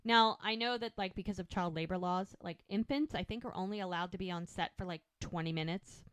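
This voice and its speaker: A woman's voice: on the low side, brisk, clean tone, dry recording. A woman co-hosting a rewatch podcast, eagerly retelling scenes and acting out the characters' lines in casual chat. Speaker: podcast co-host recapping a show.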